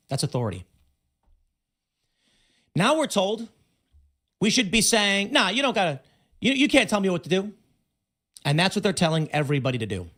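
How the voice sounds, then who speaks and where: A man hosting a livestream, giving unscripted commentary in an emphatic storytelling way, acting out what people said and repeating words for stress. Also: on the high side. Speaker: livestream host.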